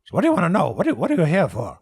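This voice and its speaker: A nervous tavern keeper, as a man puts him on for a tabletop game, high-strung and loud. His voice jumps far above the speaker's usual pitch and swings widely from word to word. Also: wildly swooping pitch, very fast, gravelly, slightly rough, exaggerated voice. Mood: curious. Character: jittery, sweaty male tavern keeper.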